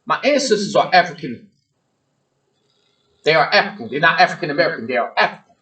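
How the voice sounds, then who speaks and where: Fiery, preachy man, slightly high voice. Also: lively intonation, fast, sharp tone, low-quality recording. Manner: blunt and emphatic, repeats points for force; preachy, addresses listeners directly. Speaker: show host. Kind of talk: ranting monologue to the audience.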